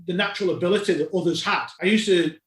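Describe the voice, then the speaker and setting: A man tells club stories as a podcast guest, his voice pitched fairly high for a man. He talks in a relaxed, animated way and keeps breaking into laughter. The room around him gives a noticeable echo. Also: fast. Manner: animated anecdotes, laughs while telling. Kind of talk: casual storytelling. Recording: roomy echo.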